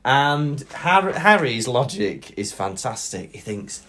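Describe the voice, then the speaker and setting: A man's voice: medium pitch, big pitch swings, slow pace, sharp tone, a little hiss or hum. A man co-hosting a podcast in casual chat, jokey and chatty, often laughing as he talks. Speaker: podcast co-host.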